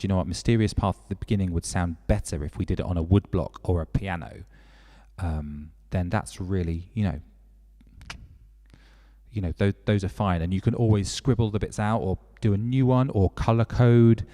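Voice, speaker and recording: A man's voice: on the low side, warm tone, big-room sound. A man leading a children's music workshop, explaining step by step in an encouraging way.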